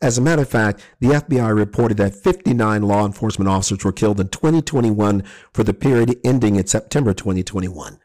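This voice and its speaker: Casting: man, lowish voice, relaxed solo commentary, chatty asides, corrects himself mid-sentence. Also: fast, hardly any pauses. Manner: conversational, with asides and self-corrections.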